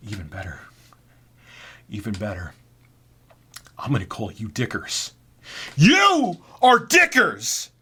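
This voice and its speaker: Guy putting on a loud crude young warehouse dude, mocking and brash, cranks it up out of nowhere. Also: sits low, unhurried, long pauses, husky, voice pushed down, heavily acted. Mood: gleeful. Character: wild, crude young male warehouse coworker.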